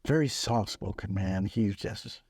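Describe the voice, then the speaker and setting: An older man with a low voice tells stories from his touring days, relaxed and laughing as he goes. The sound is dry and close to the mic, with no room around it. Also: moderate pace, breathy edge, no room sound. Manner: relaxed, laughing storyteller, acts out quoted voices. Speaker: musician recalling stories, podcast guest. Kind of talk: casual storytelling chat.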